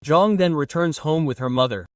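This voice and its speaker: A man narrating a drama recap in a brisk, even storytelling read. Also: a little high, no echo, clean studio sound, distant mic. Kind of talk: scripted plot narration.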